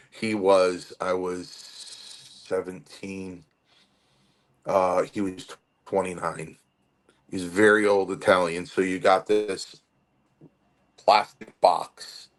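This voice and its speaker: A man with a very low, deep voice spins old stories from the ring in an interview. He tells them with many restarts and slips into the voices of the people he quotes. He sounds like someone in his late fifties looking back on his early days. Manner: animated storyteller with many restarts and acted-out quotes. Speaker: retired pro wrestler, podcast guest. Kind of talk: storytelling interview.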